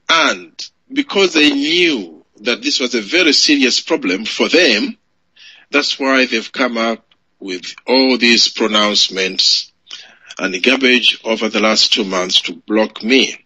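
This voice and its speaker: A man's voice: mid-range voice, animated, measured pace, bright, forceful tone, breathy edge, no echo. A man from Uganda giving an emphatic political speech to supporters, repeating phrases for effect. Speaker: political speaker. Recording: muffled lo-fi audio.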